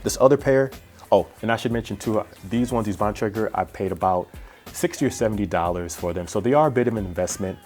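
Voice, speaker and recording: A man's voice: lowish voice, quick pace, darkish tone, faint music behind. A man hosting a cycling vlog, chatting through a casual gear review in a rambling, self-deprecating way with plenty of fillers. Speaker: cycling vlogger.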